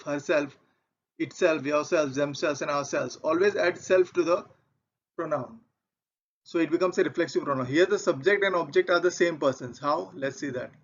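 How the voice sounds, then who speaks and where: Here a fairly high-voiced man explains grammar over slides, methodically stepping through example sentences and restating his point often with patience. It's a dull, muffled lo-fi recording.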